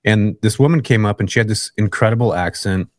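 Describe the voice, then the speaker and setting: A relaxed man from California tells a story as an interview guest, in a chatty, easygoing way. His voice sits fairly low. The recording is dry and close, with no room sound. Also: a little fast, dry recording. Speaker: guest, real estate investor.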